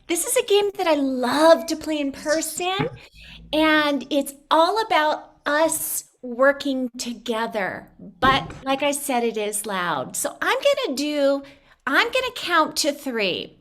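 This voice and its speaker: A woman's voice: high voice, very animated, slow, fairly bright tone. A woman on a video call explaining an improv game in a bubbly, laughing way, stretching words for emphasis. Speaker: improv player leading a game. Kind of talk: playful game instructions.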